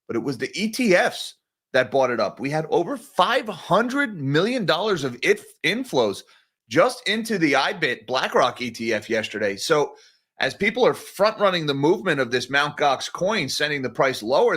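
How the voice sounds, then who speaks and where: A man's voice: on the high side, a bit bright. A man hosting a morning market livestream, talking casually and directly to his viewers. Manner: conversational, direct, addresses viewers as guys. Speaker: market news livestream host.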